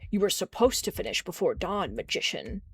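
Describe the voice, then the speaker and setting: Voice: mid-range voice, very animated, fairly quick, creaky, a bit bright, husky, voice pushed up, heavily acted. A streamer voicing a cruel noble lord in a game, curt and threatening. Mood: cold.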